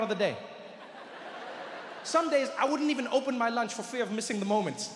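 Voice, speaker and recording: A man with a South African accent telling an animated stand-up story on a theatre stage, acting out voices with big swings in volume. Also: extremely high pitch, a little fast, slight background noise. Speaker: stand-up comedian. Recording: echoey hall, live stand-up.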